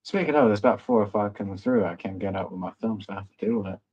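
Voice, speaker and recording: A man's voice: fairly low pitch, racing, dull audio. A young man with a rambling, self-mocking manner, hosting a casual livestream chat. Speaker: livestream host.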